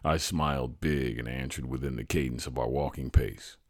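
A man reading his own true childhood story aloud in a measured, reflective way. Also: very deep voice, steady tone, darkish tone, husky, no room sound, clean studio sound. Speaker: storyteller, podcast host.

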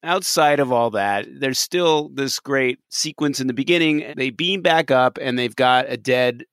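A man's voice: mid-range voice, measured pace, fairly bright tone, clear, resonant tone, no room sound, studio quality. A man co-hosting a casual podcast, ranting with enthusiasm and laughing often. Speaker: podcast co-host. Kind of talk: casual chat reviewing a TV episode.

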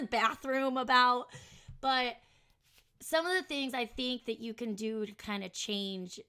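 A woman's voice: medium pitch, a bit bright. A young adult woman hosting her podcast, talking casually in a rambling, self-mocking way and reading from an article she wrote. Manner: chatty, rambling, laughs at herself. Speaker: podcast host.

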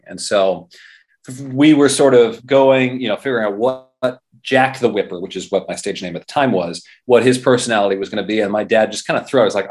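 A man's voice: fairly low pitch, fairly quick, a little mellow. A man, a radio journalist and performer, chatting as an interview guest, rambling with frequent restarts. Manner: rambling, many restarts and fillers. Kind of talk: casual interview talk.

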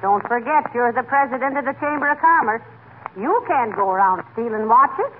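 An actress playing a sensible, scolding wife in a 1940s radio comedy. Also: female voice, fairly high pitch, natural voice. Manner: brisk, scolding, warm-humored. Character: sensible, teasing wife keeping her husband honest. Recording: scratchy tinny old radio broadcast.

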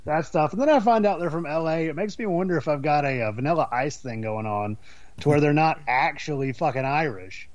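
A man co-hosting a casual podcast, rambling and swearing as he works through his thoughts. His voice sits a little high. The sound is dry and close, with no room around it. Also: lively intonation, fairly quick, no room sound, lo-fi sound. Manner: profane, rambling, with fillers and restarts. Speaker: podcast co-host. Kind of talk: casual chat about an album.

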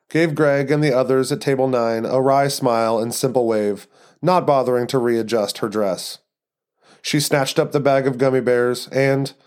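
A man hosting and narrating a story podcast in a scripted reading voice. His pitch sits in the middle and his delivery stays even and measured.

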